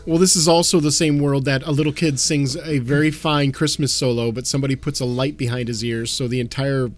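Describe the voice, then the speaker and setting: A man's voice: mid-range voice, fairly even intonation, a little fast, faint music behind. A man co-hosting a podcast in casual chat, ranting animatedly and swearing a lot. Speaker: podcast co-host.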